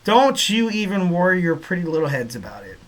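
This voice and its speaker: A man's voice: high voice, big pitch swings, a little fast. A man hosting a wrestling podcast in a casual, rambling, upbeat way, full of fillers and repeated catchphrases. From Southern California. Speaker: podcast host.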